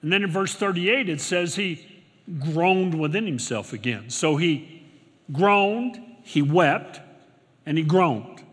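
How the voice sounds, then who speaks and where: An older man delivers a sermon from a church pulpit. His voice is bright and sits somewhat high for a man, rising to loud declarations and then dropping to near-murmured asides. Long reverb from the hall trails after each phrase. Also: expressive, slow pace, breathy edge. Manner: preaching with big swings from shouts to hushed murmurs. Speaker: pastor. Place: church sanctuary.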